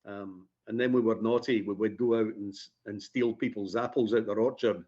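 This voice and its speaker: A man's voice: lowish voice, steady tone, normal speed, warm tone, lo-fi sound. A man from Scotland with a Scottish accent, a guest on a radio interview, telling stories with plenty of fillers and dry jokes. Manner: chatty, self-deprecating storyteller with many fillers.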